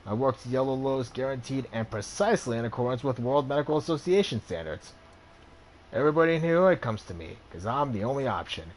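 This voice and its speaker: A man voicing a loud, brash back-alley cyber doctor. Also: medium pitch, lively intonation, a little fast, a little hiss or hum, lightly acted. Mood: boisterous. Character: boisterous hungover middle-aged male back-alley cyber doctor.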